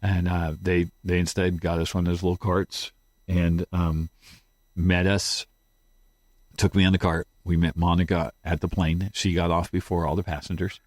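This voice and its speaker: A man with a very deep, low voice tells a painful story from his own life as an interview guest. He speaks haltingly and slips into quoting what he said at the time. The sound is close and dry, with no room around it. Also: little pitch movement, no echo. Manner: halting, retells his own words in quotes. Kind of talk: emotional personal storytelling.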